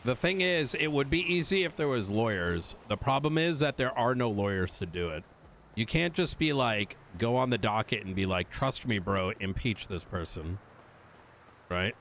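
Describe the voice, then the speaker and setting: Man, streamer, casual, rambling, lots of fillers, animated pitch, faint background noise. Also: moderate pace. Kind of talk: explaining to stream chat.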